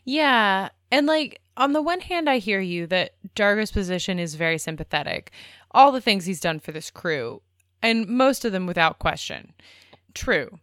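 Clear-voiced woman podcast co-host. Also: mid-range voice, dry recording, clean studio sound. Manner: animated, argumentative. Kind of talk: casual discussion.

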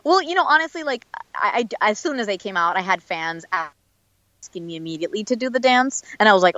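A woman's voice: medium pitch, lively intonation, a little fast, a bit bright, no room sound, dull audio. Chatty woman with a dry close voice. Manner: chatty, many fillers and restarts. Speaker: voice actor guest. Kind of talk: casual interview chat.

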